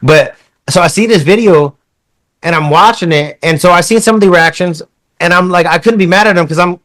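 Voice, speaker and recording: A man's voice: sits high, a little fast, a bit bright. A man hosting a casual podcast chat, rambling and swearing with many restarts. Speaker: podcast host.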